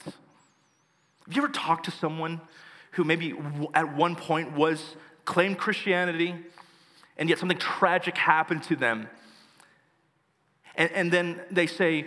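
A man preaching a sermon as pastor, telling a story earnestly and reading scripture slowly with emphasis. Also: on the high side, pushed and bright, long reverb tail.

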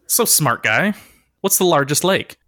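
A man's voice: a little high, animated, unhurried, bright, forceful tone, dry recording, clean studio sound. A man hosting a comedy podcast, reading out facts playfully and laughing often. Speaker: podcast host. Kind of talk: casual comedic chat, presenting facts.

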